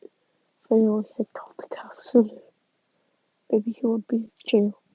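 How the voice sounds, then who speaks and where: A woman voicing a gentle, weary police officer in a hushed whispered role-play. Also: a little high, completely flat delivery, unhurried, breathy edge, no room sound. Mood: hushed sympathy. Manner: soft, hushed, sympathetic. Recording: dull lo-fi sound.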